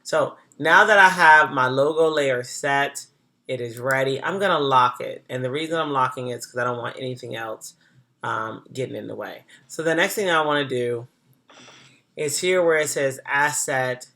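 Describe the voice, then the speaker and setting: A design instructor talking through a software tutorial in a casual, chatty way, thinking aloud and correcting themself as they go. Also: mid-range voice, normal speed.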